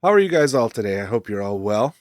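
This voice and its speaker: Streamer, male, low-pitched, relaxed rambling delivery, dry room sound. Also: quick pace, no echo. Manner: relaxed, rambling, thinking aloud with fillers. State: hiccups. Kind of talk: casual gameplay commentary.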